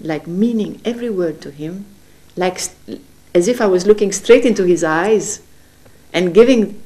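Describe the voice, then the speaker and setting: A woman giving an earnest, gentle spiritual testimony at her home, sometimes searching for words as she speaks. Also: on the low side. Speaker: religious speaker. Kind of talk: personal spiritual testimony to camera.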